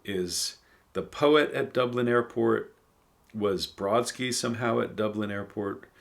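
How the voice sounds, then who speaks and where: Slow, low-voiced man musing over poetry. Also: creaky. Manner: thoughtful, musing, hesitant with frequent ums. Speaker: channel host reading poems aloud. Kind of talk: casual poetry reading and commentary.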